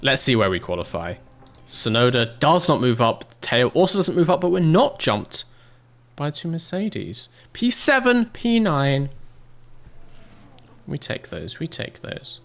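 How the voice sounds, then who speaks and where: A man's voice: medium pitch, big pitch swings, a little slow, gravelly, a bit bright. A young British man casually commentating a racing manager game, chatting and answering chat in a rambling, swearing way. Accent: British English. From Britain.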